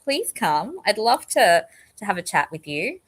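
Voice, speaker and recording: A woman's voice: medium pitch, sing-song, normal speed, a bit bright, slightly rough. A woman with an Australian accent with a slight British touch, hosting a casual livestream chat from home in a rambling, chatty way that sometimes gets tongue-tied. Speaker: livestream host.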